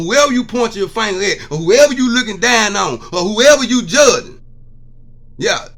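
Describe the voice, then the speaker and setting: A man's voice: high voice, creaky, pushed and bright. A man giving an emotional, preachy testimony monologue to his viewers, repeating "see what I'm saying.". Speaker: vlogger.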